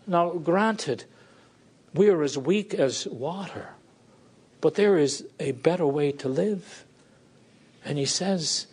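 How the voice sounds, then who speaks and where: A man preaching a sermon with fervor, rising to pleading questions and dropping low and quiet to drive points home. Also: slow, long pauses, slightly rough.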